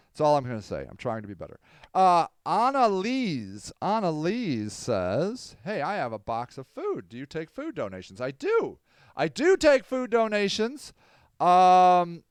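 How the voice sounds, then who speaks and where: Brief: sardonic male podcaster, lively swinging pitch, smooth voice, dry close mic. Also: no echo. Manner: rambling, sardonic, apologetic, swinging from loud to mumbled. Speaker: podcast host. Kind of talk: casual livestream podcast monologue.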